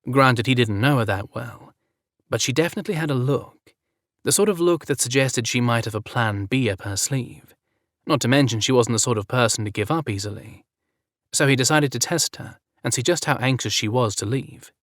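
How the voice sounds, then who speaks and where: A man reading a romance story aloud as narrator in an even, measured way. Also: mid-range voice, dry recording, clean studio sound.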